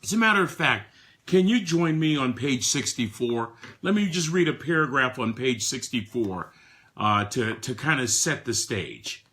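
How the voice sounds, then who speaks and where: Bright, emphatic man coaching an audience. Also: mid-range voice, expressive, moderate pace. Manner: emphatic, swings from soft to loud acted quotes. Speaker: motivational speaker. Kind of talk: motivational talk to a live audience.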